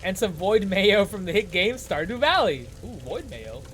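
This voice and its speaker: A man's voice: high-pitched, very animated, normal speed, fairly bright tone, a little hiss or hum. A man casually commenting on his gameplay, playful and laughing often as he reads the story aloud. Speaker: streamer. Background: faint background music.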